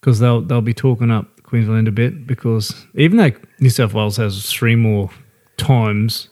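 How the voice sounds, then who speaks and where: A man's voice: mid-range voice, moderate pace, darkish tone. A man co-hosting a casual podcast, talking bluntly and swearing freely. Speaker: podcast co-host. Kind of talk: casual pub chat.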